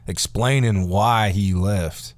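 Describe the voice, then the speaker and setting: A man's voice: fairly low pitch, slow pace. A man in his forties ranting casually to camera, rambling, sarcastic and profane. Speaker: vlogger.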